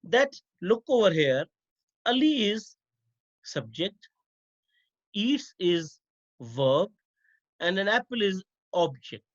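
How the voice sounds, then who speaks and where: Slow high-voiced male grammar teacher. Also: sing-song, muffled recording. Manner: slow, repetitive explaining to students. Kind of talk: grammar lesson over slides.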